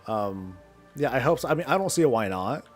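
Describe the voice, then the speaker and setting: A man's voice: medium pitch, animated, a little fast. A man streaming a video game, chatting loosely with viewers and answering their questions while he plays. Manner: rambling, answers chat between in-game moves. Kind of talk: casual live-stream chat while gaming. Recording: faint background music.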